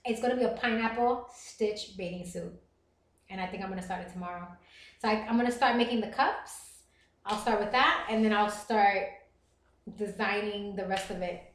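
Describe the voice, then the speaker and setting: Middle-aged Puerto Rican Bronx woman, livestream host, rapid chatty delivery, roomy echo. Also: mid-range voice. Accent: Puerto Rican Bronx New York. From the Bronx, New York. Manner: fast-talking, chatty and reassuring. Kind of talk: casual chat reading viewer comments.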